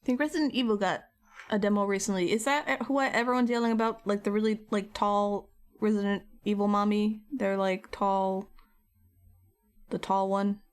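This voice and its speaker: A woman's voice: medium pitch, fairly even intonation, normal speed, clean tone. A young woman chatting casually with her viewers while painting, giggly and talking to them by name. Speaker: streamer.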